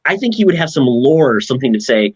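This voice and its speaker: A man's voice: mid-range voice, sing-song, fast talker, breathy edge, highs cut off. A man co-hosting a podcast, speculating about a game in a hesitant, musing way. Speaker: podcast co-host. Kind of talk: casual chat.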